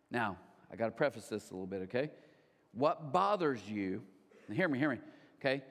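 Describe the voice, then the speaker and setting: A man preaching a sermon as pastor, animated, with asides to the crowd and put-on high voices for others. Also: moderate pace, long reverb tail. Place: church auditorium.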